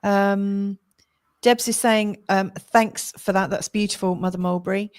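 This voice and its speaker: A woman's voice: mid-range voice, steady tone, unhurried. Woman, co-host, chatty, reads out comments, losing her voice, video call. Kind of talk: casual livestream chat.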